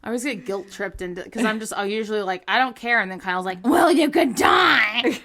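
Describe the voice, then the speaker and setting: A woman's voice: medium pitch, fast talker, fairly bright tone. A young adult woman co-hosting a podcast, chatting and joking, and reading a source aloud with her own asides. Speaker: podcast co-host.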